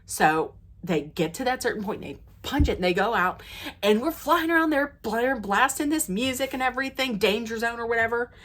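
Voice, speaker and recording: A woman vlogger telling stories to the camera in a casual way, laughing often, her voice jumping high and loud when she gets excited. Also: a little fast.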